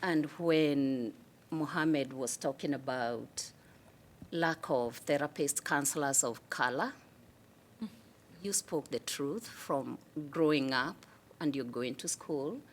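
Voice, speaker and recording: A woman from Kenya speaks as a commissioner at a public meeting, her voice deep and her pace unhurried. She sounds measured and heartfelt. A faint hum of room ambience sits behind her. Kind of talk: public meeting farewell remarks.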